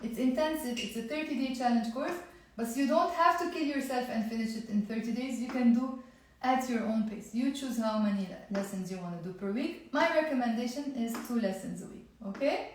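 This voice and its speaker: Woman, language teacher, high voice, energetic, drills words, very echoey room. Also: a little fast, slight background noise. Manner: energetic, repeats and drills words, coaxes viewers. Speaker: Arabic teacher. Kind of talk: online language lesson.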